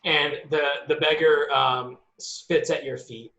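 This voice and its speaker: A man narrating as game master, slowly and hesitantly, with many fillers. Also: on the high side, fairly even intonation, bright, forceful tone, echoey room, dull audio.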